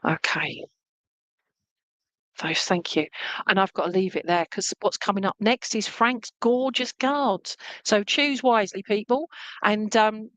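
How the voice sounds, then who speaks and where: A woman gives a live clairvoyant reading for an online church service, talking in a chatty, lively way. She keeps checking in with her listener and passes on a spirit's jokes. Her voice sounds dry and close, with no room around it. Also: medium pitch, no room sound, rough recording. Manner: chatty, keeps checking in with "okay?" and "all right?"; relays a spirit's words in a lively, joking way. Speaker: spiritualist medium.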